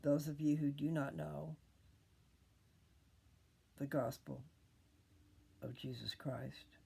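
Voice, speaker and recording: An older woman hosting a casual scripture talk, rambling, pausing often and drifting into whispers. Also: low voice, fairly even intonation, vocal fry, warm tone, breathy edge. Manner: rambling, pauses often, loses her train of thought. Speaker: video host reading scripture.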